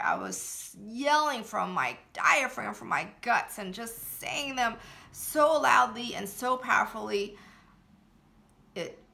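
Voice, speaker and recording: A woman's voice: medium pitch, gravelly, pushed and bright. A woman speaking as a spiritual coach in an earnest, emphatic motivational talk, laughing now and then.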